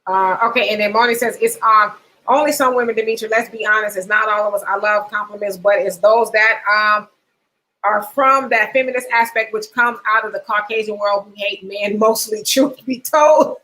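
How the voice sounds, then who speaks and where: A woman's voice: medium pitch, steady tone, normal speed, bright, forceful tone, poor audio. A middle-aged woman, hosting a livestream and reading viewer comments aloud, laughing often between her asides. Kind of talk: casual chat.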